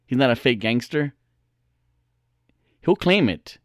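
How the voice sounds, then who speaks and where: A man's voice: medium pitch, lively intonation, takes it slowly, no room sound, studio quality. A man casually telling a story to his viewers, laughing often and swearing freely.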